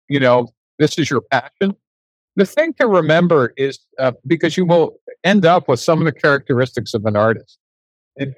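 An older man telling a story as an interview guest, animated and acting out the dialogue in his anecdotes. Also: medium pitch, no room sound, poor audio.

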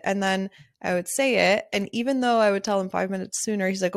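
A woman's voice: medium pitch, moderate pace, no room sound, studio quality. A woman hosting a casual solo podcast as a wedding photographer, talking candidly and chattily, laughing often and swearing freely.

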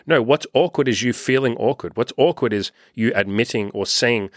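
Chill youngish guy coaching dating, lowish voice, swears a lot, dry close mic. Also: brisk, few pauses, a bit bright, no echo. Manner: loose and unscripted, swears freely, acts out quoted voices. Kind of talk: casual podcast monologue.

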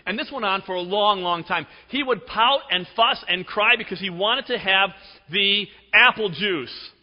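A middle-aged man preaching a sermon, telling stories with emphasis and dropping to a hush for effect. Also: high voice, measured pace. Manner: storytelling, emphatic, with dramatic drops to a hush. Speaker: pastor. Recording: dull recording with long hall reverb.

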